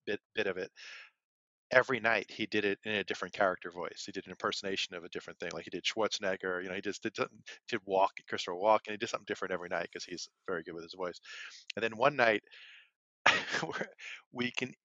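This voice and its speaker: A man's voice: low-pitched, fast, sharp tone, no room sound. A man co-hosting a podcast who tells stories casually and rambles. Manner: rambling, with frequent fillers. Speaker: podcast co-host. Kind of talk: casual chat and storytelling. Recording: dull, lo-fi and dry.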